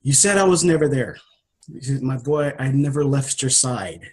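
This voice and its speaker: A man voicing a gentle fatherly spirit. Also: medium pitch, lively intonation, normal speed, slightly rough, rough recording. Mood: tender. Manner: soft, tender, reassuring.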